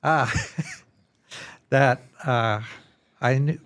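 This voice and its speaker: A man hosting a spiritual podcast, introducing his guest in a measured, conversational way while losing his voice. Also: mid-range voice, fairly even intonation, a bit bright, smooth. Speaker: podcast host.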